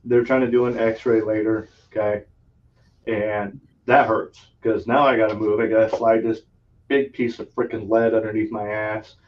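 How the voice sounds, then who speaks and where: A man's voice: fairly low pitch, level tone, normal speed. A man hosting a podcast, telling a long story in casual chat, laughing often and swearing freely. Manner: laughs often, profane, rambling anecdote. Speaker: podcast host. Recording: distant, dull lo-fi sound.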